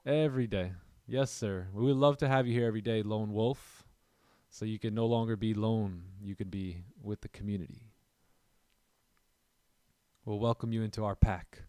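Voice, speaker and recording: A man's voice: fairly low pitch, fairly even intonation, moderate pace, mellow, no room sound. Joking man hosting a trading livestream. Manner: joking, laughs often, reads chat aloud. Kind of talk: casual live-stream chat.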